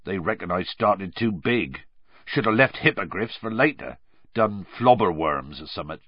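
A male narrator puts on a hulking, gruff gamekeeper with a low, thick, rough country voice, slurring from drink and heavy with gloom. His slow, rumbling storybook lines sound dry and a little dull. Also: expressive, no echo. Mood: dejected. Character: huge gruff dejected half-giant gamekeeper, drunk. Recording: dry, slightly dull audio.

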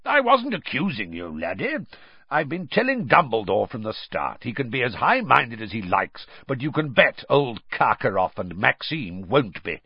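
A man voicing a gruff, suspicious old male wizard who talks in clipped growls, in a muffled lo-fi recording. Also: medium pitch, big pitch swings, moderate pace, no echo.

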